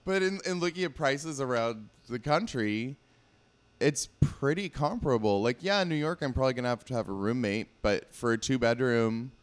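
A man's voice: mid-range voice, animated, normal speed, clear, resonant tone. A man in casual chat, blunt and matter-of-fact with a dry edge.

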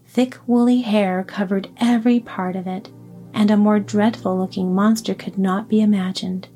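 A woman reads a classic storybook aloud in a calm, even way. Her voice is mellow and warm rather than bright. Faint music runs quietly underneath. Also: medium pitch, moderate pace. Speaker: audiobook narrator. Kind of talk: storybook reading.

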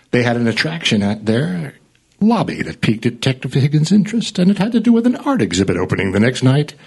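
A man's voice: mid-range voice, husky. A man narrating a comedy radio play with a dramatic, announcer-style delivery.

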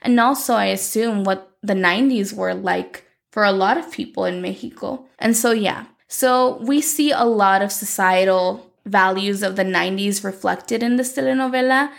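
A woman's voice: mid-range voice, moderate pace, vocal fry, hardly any pauses. A woman recapping a telenovela in a chatty, opinionated way, full of "like". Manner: chatty, opinionated, uses "like" a lot. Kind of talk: casual recap.

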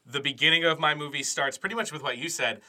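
A podcast co-host with a fairly high, bright, pushed male voice talks fast in casual conversation, rambling and cracking jokes while leaning heavily on filler words.

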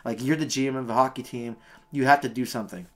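A man's voice: medium pitch, fairly even intonation, fast. Emphatic male sports podcast co-host. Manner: emphatic, insistent predictions. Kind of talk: casual sports podcast talk.

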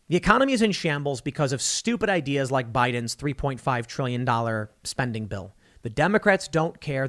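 A man's voice: mid-range voice, a bit bright. A man delivering an online political commentary monologue in a blunt, sarcastic, scornful way.

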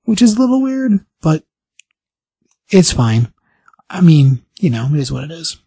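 A man hosting a podcast, casually recapping a comic book story in an animated way, briefly acting out the characters' lines. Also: a little high, measured pace, husky, no room sound. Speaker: podcast host.

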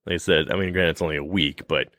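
A man co-hosting a casual podcast chat, rambling and joking in an animated way. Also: a bass voice, quick pace, no room sound, studio quality. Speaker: podcast co-host.

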